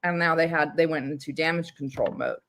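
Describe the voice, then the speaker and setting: A woman's voice: low-pitched, fairly even intonation, a little fast, noisy background. A woman co-hosting a political livestream, talking in an exasperated, sarcastic way and laughing often. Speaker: co-host.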